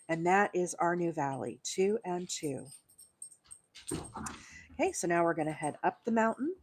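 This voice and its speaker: A woman's voice: lowish voice, darkish tone. A woman from Alabama, patiently talking viewers through a crochet pattern step by step on a live stream. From Alabama, USA. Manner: patient step-by-step instruction, counting stitches aloud, frequent fillers. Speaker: crochet livestream host.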